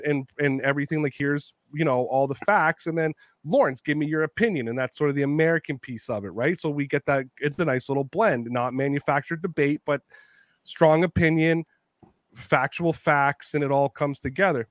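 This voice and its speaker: A man hosting a podcast, telling stories in a lively, profane way and often laughing. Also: fairly high pitch, no echo, clean studio sound. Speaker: podcast host. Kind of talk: casual storytelling chat.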